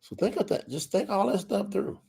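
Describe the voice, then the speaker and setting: Gravelly man with lively pitch. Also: a little fast. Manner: emotional storyteller, drops very quiet on quoted lines. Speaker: church testimony speaker. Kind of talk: personal testimony in church.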